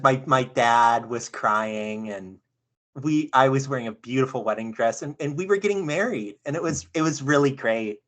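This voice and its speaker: A young woman earnestly retelling a dream on a video call, halting, with many fillers and restarts. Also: a bass voice. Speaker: session participant.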